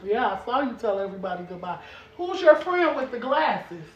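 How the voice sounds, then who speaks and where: A lively woman vlogger talks straight to her camera at home, her voice sitting a little higher than most. She keeps it playful and animated, calling her viewers baby and girl. The room gives her voice a roomy echo. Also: fairly quick, dull audio, slight background noise. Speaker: vlogger and mom. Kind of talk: casual chat to camera. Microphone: camera set up on a stand.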